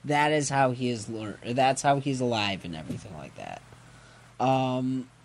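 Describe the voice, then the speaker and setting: A man's voice: mid-range voice, moderate pace. A man co-hosting a podcast, casually retelling a comic story with frequent laughter and acted-out quotes. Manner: giggly, animated retelling of a comic, acts out quotes. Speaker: podcast co-host.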